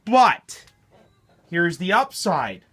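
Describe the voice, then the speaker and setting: A middle-aged man with a voice pitched a bit high for a man talks loosely to his viewers, wandering off on tangents and cracking jokes as he shows off shop stock. His delivery is chatty and unscripted, like a hobby shop owner's morning monologue. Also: big pitch swings, drawn-out words, bright, forceful tone, breathy edge. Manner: rambling and joking. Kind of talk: casual vlog monologue.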